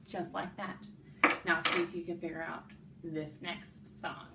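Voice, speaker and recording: A woman music teacher giving an elementary music lesson, talking slowly and clearly and singing rhythm syllables. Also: fairly low pitch, level tone. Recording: echoey room, faint background noise.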